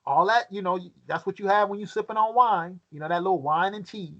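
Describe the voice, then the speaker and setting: A man with a fairly high voice leads a Bible study, reading scripture aloud and then questioning his listeners. He often halts and repeats words as he thinks, and the recording sounds dull and lo-fi. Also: brisk, sharp tone.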